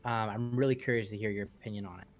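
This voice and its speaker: A man's voice: fairly low pitch, fairly even intonation, very fast, faint music behind. A man hosting a gaming podcast, asking a co-host a casual question. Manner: friendly questioning with short agreements.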